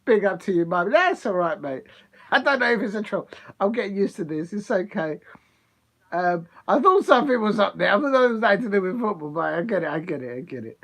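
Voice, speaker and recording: A man hosting a live football watch-along, chatting excitedly with viewers and laughing often. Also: sits high, brisk. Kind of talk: live casual chat with viewers.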